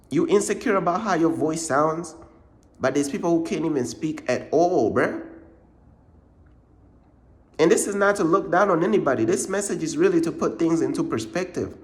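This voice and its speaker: Brief: man, higher-pitched, informal faith pep talk, slangy and repetitive, keeps hammering the point home. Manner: repetitive, informal slang, says "bruh" a lot; emphatic, circles back to points. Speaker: ministry channel host. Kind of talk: casual motivational faith talk.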